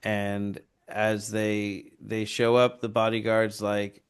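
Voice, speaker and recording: A man's voice: on the low side, slow pace, few pauses, clear, resonant tone. A man co-hosting a podcast, retelling a film plot in casual, profane chat and acting out the characters' lines. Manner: profane, animated retelling with quoted voices. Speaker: podcast co-host.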